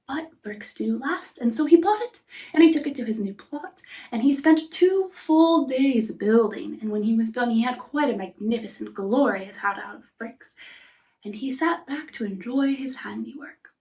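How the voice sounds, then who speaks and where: A woman narrating a fairy tale softly, often dropping into a whisper. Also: a little high, distant mic. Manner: soft, often whispering, unhurried. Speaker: storyteller. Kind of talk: storybook narration.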